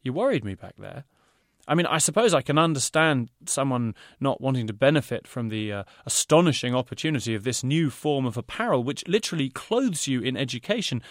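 A man voicing a fussy male fashion designer who talks in rapid, pompous salesman's patter. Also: mid-range voice, lively intonation, no echo, clean studio sound, pitched above the performer's own voice, close to an everyday voice.

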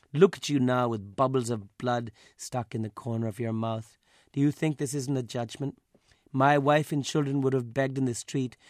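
A man's voice: mid-range voice, no echo, studio quality, natural voice. A man reading a story aloud, voicing a wounded electrician who speaks harshly and refuses to forgive. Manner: formal, then harsh and unforgiving. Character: wounded proud male electrician, bitter.

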